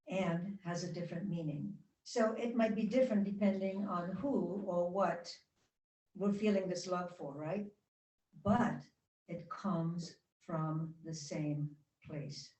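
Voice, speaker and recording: Gentle woman speaker in an echoey hall. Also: fairly low pitch, recorded from a distance. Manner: gentle, guiding, chatty with the audience. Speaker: guest speaker. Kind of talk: spiritual talk to a congregation. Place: church hall. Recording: roomy hall sound from off-mic.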